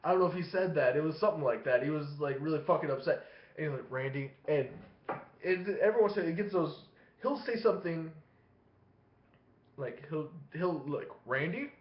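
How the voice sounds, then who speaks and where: A man's voice: a little high, a little fast. A man casually telling a long profane story to his webcam, rambling and laughing between phrases. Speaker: vlogger. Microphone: webcam facing him. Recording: echoey room, dull lo-fi sound.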